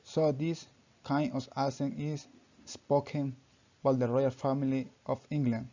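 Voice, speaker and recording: Young male student reading his presentation, mellow voice, careful and halting, muffled lo-fi sound. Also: medium pitch, level tone. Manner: halting reading, often restarting sentences with "so". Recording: dull lo-fi recording.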